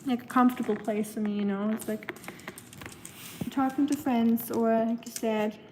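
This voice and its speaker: A woman's voice: on the high side, steady tone, moderate pace, noisy background. Chatty nasal Southern woman streaming. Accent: Southern American. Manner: chatty, talks to her dog in a sing-song baby voice. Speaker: livestream host. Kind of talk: casual livestream chat. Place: home kitchen.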